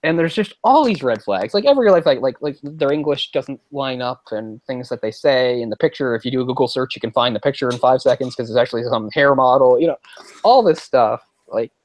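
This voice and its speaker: A man's voice: mid-range voice, animated, a little fast, no room sound, poor audio. A man in casual podcast chat, rambling with many fillers and sounding exasperated. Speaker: podcast co-host.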